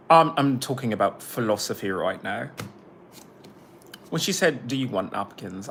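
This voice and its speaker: A man's voice: medium pitch, fairly bright tone, a little hiss or hum. A man who makes his own music, chatting casually on a livestream. He rambles, swears freely and breaks off to greet viewers.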